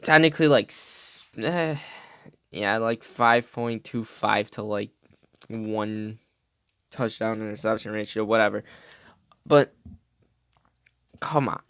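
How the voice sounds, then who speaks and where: A man's voice: fairly low pitch, slow, long pauses, fairly bright tone, smooth, dry recording, clean studio sound. A man hosting a podcast, ranting casually and heatedly about football, profane and rambling. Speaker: podcast host.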